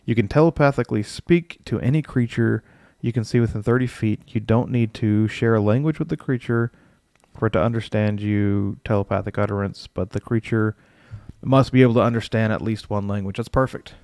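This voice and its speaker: Casting: gravelly, lowish male streamer, dry close-mic sound, casual thinking-aloud chat. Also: fairly quick, a little mellow, no room sound. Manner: muses aloud, reads rules text, answers chat. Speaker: streamer building a game character.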